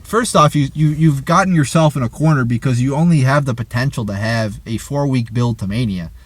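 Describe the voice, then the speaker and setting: A man tears into a wrestling show in a heated, foul-mouthed rant. He stumbles and repeats himself as the words pile up. His voice sits at an ordinary middle pitch, recorded dry with no room sound. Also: fairly quick, no room sound. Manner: angry, swearing, stammers and repeats words. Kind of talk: profane review rant.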